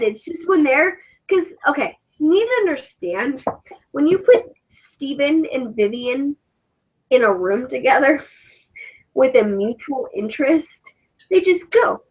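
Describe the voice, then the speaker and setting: A woman's voice: high voice, very animated, measured pace, darkish tone, poor audio. A woman with an English accent, chatting casually on a livestream as a cosplayer host, ranting animatedly and swearing freely.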